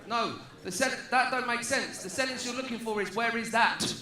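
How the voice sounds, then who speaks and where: A man's voice: extremely high pitch, a little fast, reverberant. A man from Luton with a southeast English accent doing a cheeky, playful stand-up set and calling out to the crowd. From Luton, England. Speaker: stand-up comedian. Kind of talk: stand-up routine. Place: large stadium conference venue.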